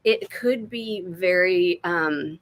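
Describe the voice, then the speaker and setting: A woman's voice: fairly low pitch, takes it slowly. Chatty American woman giving psychic readings. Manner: chatty, warm-hearted, laughs often, swears freely; drops to murmurs and whispers when asking spirit. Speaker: intuitive reader. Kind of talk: live-streamed psychic card reading.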